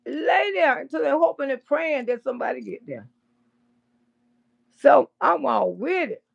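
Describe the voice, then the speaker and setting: A woman doing casual livestream commentary, blunt and profane, with loud bursts of laughter. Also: sits high, creaky, highs cut off.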